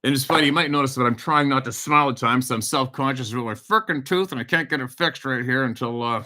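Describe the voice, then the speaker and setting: On his casual livestream, a middle-aged Canadian hunting show host calls out viewers' locations and tells a loose hunting story, swearing freely along the way. He speaks with a medium pitch and a sharp tone.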